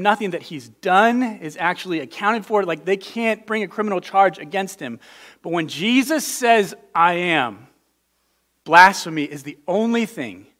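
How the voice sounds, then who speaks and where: A man's voice: high voice, fairly bright tone. A man preaching a conversational sermon, earnest and emphatic, often repeating words as he restarts a thought. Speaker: pastor.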